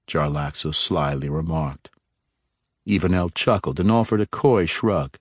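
A man with a very deep voice reads a fantasy story in a steady, measured way. The sound is dry and close, with no room around it. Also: breathy edge, no echo. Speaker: audiobook narrator. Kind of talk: scripted fantasy narration.

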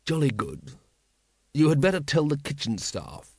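A man's voice: a little high, big pitch swings, normal speed, darkish tone, breathy edge, dry recording, exaggerated voice. Male reader as an urbane older ruler, unruffled and dry, courteous.

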